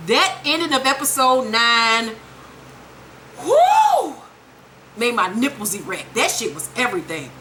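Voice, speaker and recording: A woman giving a casual, profane, animated recap of a TV episode. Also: fairly high pitch, normal speed, few pauses, noisy background. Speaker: TV recap vlogger.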